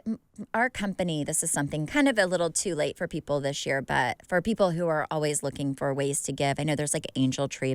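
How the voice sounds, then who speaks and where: A woman's voice: low-pitched, clean tone, dry recording. A woman co-hosting a podcast in casual chat, talking in long rambling runs with many restarts. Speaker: podcast co-host.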